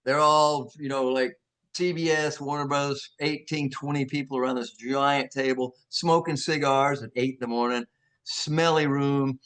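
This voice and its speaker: An older actor being interviewed, telling animated stories with many restarts and acting out the voices of people he quotes. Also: medium pitch, normal speed, clean tone. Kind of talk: anecdotal storytelling.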